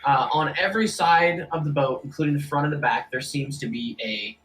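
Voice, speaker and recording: A man running a tabletop game as game master, narrating casually with many pauses and fillers. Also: fairly high pitch, a bit bright, faint music behind, rough recording.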